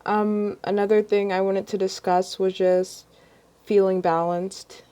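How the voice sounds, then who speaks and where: A woman's voice: medium pitch, level tone, measured pace, mellow. A young woman vlogger chatting casually on a livestream, rambling with many ums and restarts.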